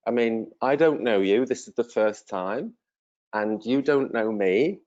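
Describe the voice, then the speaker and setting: Slow, friendly English teacher in his fifties. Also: medium pitch, expressive, a little mellow, muffled recording. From England. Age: 50s. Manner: slow and clear, with many pauses and fillers; friendly and encouraging. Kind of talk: slow, simple self-introduction to language learners.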